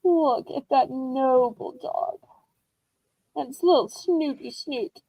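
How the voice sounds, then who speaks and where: Woman, auction host, high voice, gushing and upbeat, dry close sound. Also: takes it slowly, creaky, warm tone, no room sound, poor audio. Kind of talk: live selling stream chat.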